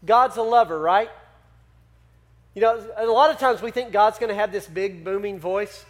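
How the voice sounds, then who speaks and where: A male pastor preaching a sermon, animated and asking the congregation questions. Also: sits high, normal speed.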